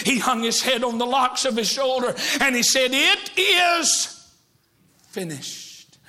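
A male evangelist preaching a sermon, breaking into shouts and dropping to hushed quotes, with joking asides to the congregation. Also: high-pitched.

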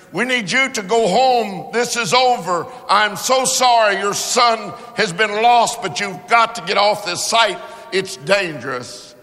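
A man delivers a sermon in a high, sharp voice that cuts through a long, echoing hall. He tells his story at an unhurried pace and climbs into impassioned shouts at its peaks. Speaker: preacher.

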